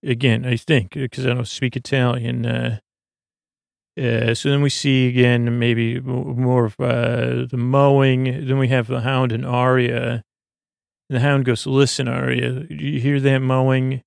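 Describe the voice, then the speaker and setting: A man giving a rambling recap of a show episode, halting often with fillers and restarts. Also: medium pitch, little pitch movement, gravelly, dry recording, clean studio sound.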